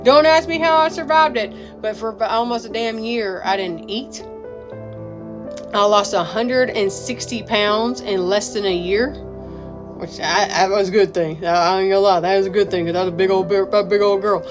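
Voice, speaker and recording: A woman's voice: medium pitch, fairly even intonation, moderate pace. A woman giving a raw personal testimony, repeating herself and swearing freely as she talks. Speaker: mother and business owner telling her story. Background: music.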